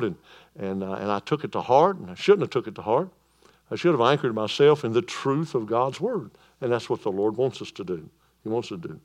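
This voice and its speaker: A man preaching a sermon in a church, moving between loud proclamation and quiet calm. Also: mid-range voice. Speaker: pastor.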